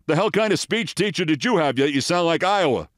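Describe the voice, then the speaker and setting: A man putting on a gruff, blunt older man with a Brooklyn accent, as in a told anecdote. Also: fairly high pitch, animated, fairly quick, no room sound, clean studio sound, pitched above the performer's own voice, lightly acted.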